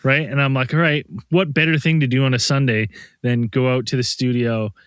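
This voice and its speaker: A man co-hosting a podcast, telling a story in casual chat, animated and swearing constantly as he rants. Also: medium pitch, a little fast, smooth, no echo. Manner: profane, animated storyteller, ranting. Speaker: podcast co-host.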